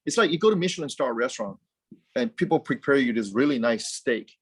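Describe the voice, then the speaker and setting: Animated man, dry close sound. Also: medium pitch, brisk, slightly rough, no room sound. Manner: animated, rambling with frequent restarts and repeated words. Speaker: guest, car company founder. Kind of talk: casual interview chat.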